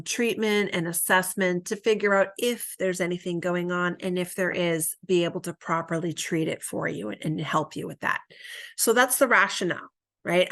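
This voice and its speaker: A woman's voice: lowish voice, fairly bright tone. A woman teaching a counselor training in a conversational way, often checking in with "right?" and acting out sample lines a counselor and a client might say. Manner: conversational, tags statements with "right?". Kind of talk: recorded training lecture.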